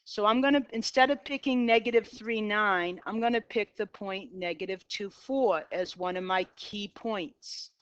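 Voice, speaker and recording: A woman's voice: mid-range voice, normal speed, few pauses, clean tone, dry recording. A middle-aged woman with a Boston accent teaching a math class, talking herself through graph sketches in an upbeat way. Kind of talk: classroom lecture. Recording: dull lo-fi, dry.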